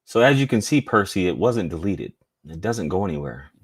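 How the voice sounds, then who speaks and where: A man's voice: low voice, sing-song, fairly quick, breathy edge. A man hosting a casual live stream, talking in a laid-back, slangy way and reading viewer chats aloud.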